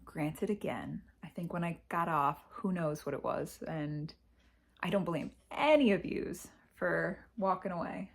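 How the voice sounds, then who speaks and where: A woman talks slowly and haltingly in a confessional vlog, pausing often and sighing as she reflects. Her voice sits a little low and sounds emotional, close to tears at times. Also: expressive, creaky. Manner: reflective, halting, sighs and pauses. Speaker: vlogger. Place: her parents' house.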